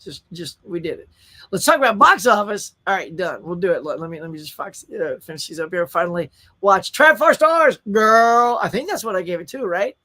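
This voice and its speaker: A man in his thirties hosts a live stream, chatting in a friendly, upbeat way. His voice sits high for a man. He greets viewers by name and reads their comments aloud. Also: expressive, fairly quick, pushed and bright. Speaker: livestream host. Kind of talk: casual live-stream chat.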